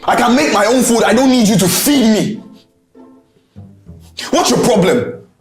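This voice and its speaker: A man's voice: very high voice, unhurried. An actor playing a young adult son who argues defiantly with his stepmother and father. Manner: defiant, confrontational. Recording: echoey film audio with soft music.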